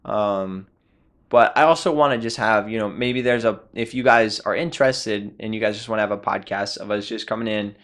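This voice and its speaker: A man's voice: fairly low pitch, moderate pace, fairly bright tone. A man co-hosting a casual podcast, talking in a joking, rambling, self-deprecating way. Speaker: podcast co-host. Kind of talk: casual chat.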